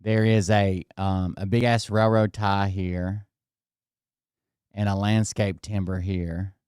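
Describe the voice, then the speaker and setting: Rambling, profane man with a smooth voice. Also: lowish voice, flat delivery, slow, darkish tone, no echo, studio quality. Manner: rambling and profane, addresses viewers directly. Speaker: vlogger. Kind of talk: casual storytelling to viewers. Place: indoors at his home.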